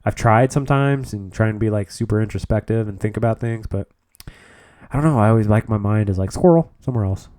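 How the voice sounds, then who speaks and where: A man's voice: fairly low pitch, steady tone, fairly quick, darkish tone, no room sound, clean studio sound. A young man co-hosting a podcast, laid-back and casual, swearing now and then. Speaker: podcast co-host.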